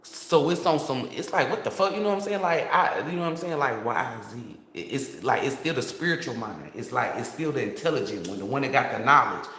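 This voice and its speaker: A man who reads tarot tells a wild story straight to his viewers in a loose, excitable and profane way, stumbling over restarts as he goes. His voice sits at a middle pitch, neither deep nor high. The sound carries a roomy echo around it. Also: a little fast, hardly any pauses. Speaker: tarot reader.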